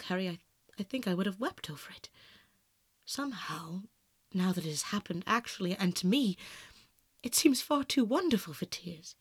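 A man's voice: high-pitched, no echo, clean studio sound. A man voicing an impulsive young aristocrat. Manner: earnest, pleading outbursts. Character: young male aristocrat, passionate, impulsive, self-absorbed. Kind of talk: audiobook narration.

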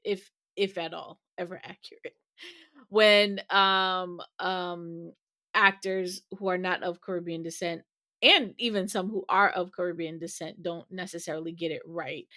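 Woman cohost, low-ish voice, kinda halting, lots of ums, dry mic. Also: pushed and bright, no echo. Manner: thoughtful, halting, many ums and restarts. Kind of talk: casual interview discussion.

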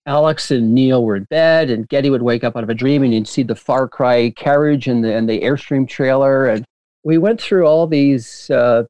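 A man telling stories as a guest in an interview, rambling and animated with frequent laughter and restarts. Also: mid-range voice, moderate pace, dry recording, dull audio. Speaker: filmmaker guest. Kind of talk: casual interview storytelling.

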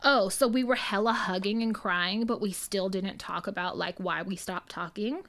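A woman's voice: mid-range voice, steady tone, normal speed, fairly bright tone. Woman, casual storytelling, rambling, fillers and swearing. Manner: rambling, lots of likes and ums, cursing.

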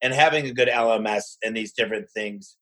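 A man who owns a home services business, talking in a lively podcast conversation and acting out the exchanges he has with other owners. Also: fairly low pitch, fairly quick, low-quality recording. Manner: animated, acts out his own conversations in quoted voices.

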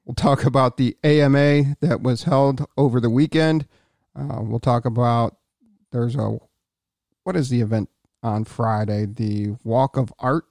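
Male podcast host, casual and rambling, mid-pitched, dry close recording. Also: fairly even intonation, a little slow, darkish tone, no room sound. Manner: rambling, with fillers and restarts.

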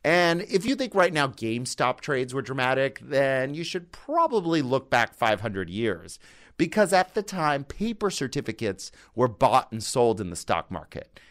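A man's voice: mid-range voice, very animated, normal speed, a bit bright. A man hosting a podcast, reading a scripted opening in a conversational way with playful asides. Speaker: podcast host.

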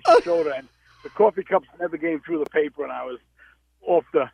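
A man calling into a radio show who tells a funny family story with lively delivery. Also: fairly high pitch, quick pace, vocal fry, breathy edge, no echo. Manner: animated storyteller. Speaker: caller. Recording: dull lo-fi call-in audio.

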